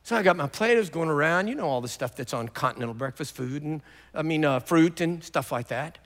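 An older man preaching a sermon, telling stories with big swings from quiet talk to loud bursts. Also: on the high side, lively intonation, brisk. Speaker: pastor. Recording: long hall reverb.

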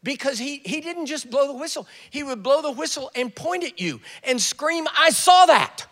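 Lively older man preaching in a hall. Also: very high voice, moderate pace. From US South. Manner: storytelling with acted quotes and joking asides. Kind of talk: sermon. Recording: echoey hall.

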